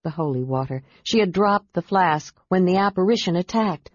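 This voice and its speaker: A woman narrating a fantasy audiobook in a steady, measured reading style. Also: lowish voice, no echo. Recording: dull, dry lo-fi audiobook recording.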